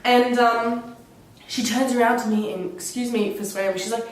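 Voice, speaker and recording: A young Australian woman with a cold tells travel stories in an animated vlog, her pitch fairly high and her pace moderate. She is enthusiastic and laughs through casual, chatty retellings full of put-on quotes. The room is very echoey and the mic sits at a distance.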